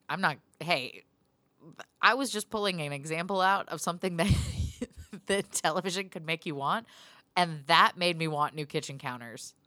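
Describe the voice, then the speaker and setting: A woman's voice: fairly low pitch, a bit bright, no room sound. A woman hosting her own podcast, chatting loosely and swearing freely, with frequent laughs. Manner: profane, rambling, laughs often. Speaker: podcast host. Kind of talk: casual solo podcast pep talk.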